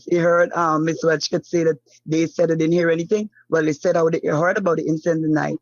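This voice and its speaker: Halting, gravelly-voiced woman, dull dry recording. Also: on the low side, no echo. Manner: halting, repeats words, many "um" fillers. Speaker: family member of a missing fisherman, interview guest. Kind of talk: emotional first-hand account in an interview.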